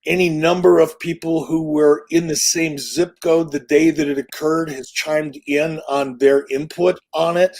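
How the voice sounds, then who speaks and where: A man in his sixties, a guest in an interview, tells stories a little slowly and with few pauses, his voice pitched fairly high. He delivers them casually, animated and punchy, with profane language.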